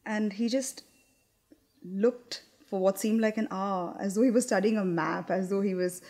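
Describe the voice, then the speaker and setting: Give me a young actress delivering a candid, wry monologue at a medium pitch. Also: female voice, fairly even intonation, measured pace, dark tone. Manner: candid, confiding, wry, with hesitant restarts. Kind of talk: theatrical monologue.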